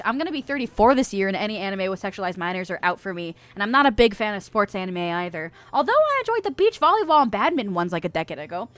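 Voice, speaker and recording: A woman's voice: on the high side, a bit bright, no echo. An American woman in her twenties or thirties, chatting casually with her stream chat, swearing and laughing often, with a stuffy nose. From United States.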